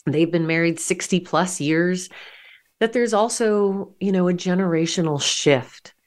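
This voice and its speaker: A woman's voice: fairly low pitch, a little slow. A woman in her fifties, a divorce coach and podcast host, telling a personal story in a candid, reflective way. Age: 50s.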